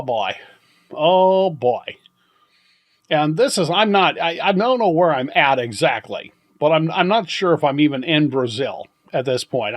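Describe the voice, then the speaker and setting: An older man hosting a podcast, telling a story in a rambling, halting way with many restarts and chuckles. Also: on the high side. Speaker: podcast host. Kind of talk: casual storytelling monologue.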